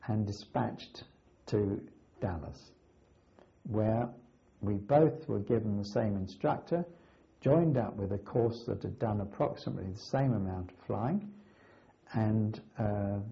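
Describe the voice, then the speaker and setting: An older man earnestly recounting his wartime flight training, with dramatic pauses. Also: fairly low pitch, creaky. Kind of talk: oral history recollection. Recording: slightly dull lo-fi recording.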